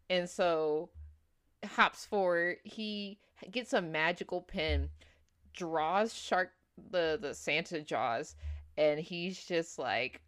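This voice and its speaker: A young woman on a podcast tells a movie's plot in a loose, rambling way, full of fillers and restarts. She slips into quick voices for the characters as she goes. Her voice sits a little low. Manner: rambling storyteller, many fillers, acts out quotes. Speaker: podcast co-host. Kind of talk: casual movie recap chat.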